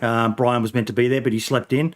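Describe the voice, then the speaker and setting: A man's voice: mid-range voice, flat delivery, a little fast. Rambling man hosting a podcast. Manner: rambling, many ums and restarts, swears casually. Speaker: podcast host. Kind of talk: casual podcast chat.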